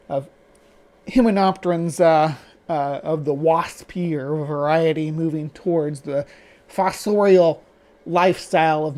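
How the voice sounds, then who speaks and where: A man hosting a reaction stream, talking back at a video with skeptical, halting commentary full of restarts. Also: on the high side, darkish tone. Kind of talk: casual commentary.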